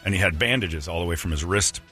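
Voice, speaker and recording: Deep-voiced man telling rambling stories. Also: fast, pushed and bright, faint music behind. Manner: rambling anecdotal storyteller with restarts. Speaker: radio show host. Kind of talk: casual storytelling on morning radio.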